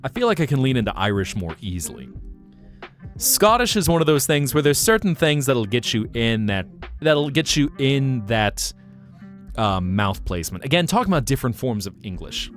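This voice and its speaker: A man's voice: medium pitch, moderate pace, soft background music. A man hosting a livestream, chatting casually and rambling about accents. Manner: rambling, musing, animated. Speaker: livestream host.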